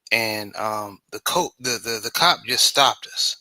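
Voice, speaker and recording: A man in casual chat, talking in a laid-back, drawn-out way with many fillers. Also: lowish voice, bright, forceful tone, no room sound, poor audio. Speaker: co-host.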